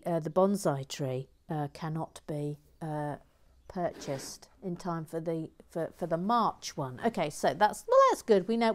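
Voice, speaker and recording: A woman's voice: on the low side, darkish tone. Chatty woman, often whispering. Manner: chatty, often drops to a whisper, rambling asides. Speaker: host. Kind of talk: casual building chat.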